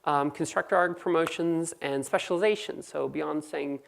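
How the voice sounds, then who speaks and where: A woman with a Californian accent giving a quick, joking technical conference talk. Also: deep voice, gravelly. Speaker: conference speaker.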